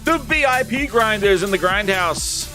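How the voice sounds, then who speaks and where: A man hosting a casual gaming live stream, boisterous and swearing, reading out shout-outs to chat. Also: high voice, lively intonation, unhurried, faint music behind. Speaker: livestream gaming show host.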